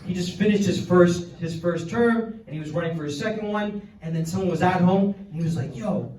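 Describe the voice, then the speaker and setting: A man's voice: high voice, a little fast, a little mellow. A young man in his twenties from Canada, doing a crude, rambling stand-up set full of fillers. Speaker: stand-up comedian. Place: comedy club stage. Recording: roomy club sound from far off. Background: audience laughter.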